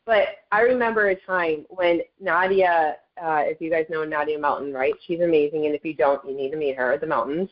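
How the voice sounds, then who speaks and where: Woman, middle-aged, lowish voice, chatty, upbeat, motivational testimony, video call, muffled lo-fi audio. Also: a little fast, few pauses. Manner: chatty and upbeat, often addresses listeners as "you guys". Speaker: guest speaker on a network marketing call.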